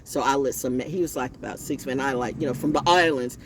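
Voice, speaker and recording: A man telling a rambling spiritual story outdoors, confrontational and animated, with laughing asides. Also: mid-range voice, fast, a little hiss or hum. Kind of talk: rambling casual monologue.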